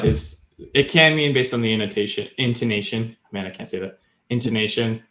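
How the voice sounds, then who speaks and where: A man's voice: lowish voice, a little fast, pushed and bright, reverberant. A man co-hosting a podcast, chatting casually and explaining grammar step by step with many fillers. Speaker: podcast co-host. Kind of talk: casual language-learning chat.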